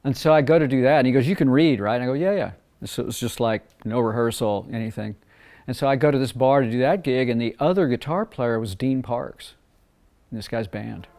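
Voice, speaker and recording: An older man from Mississippi, a record producer, talking in a relaxed, rambling way and acting out quoted dialogue. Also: medium pitch, fairly quick. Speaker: record producer and former session guitarist. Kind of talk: casual interview storytelling.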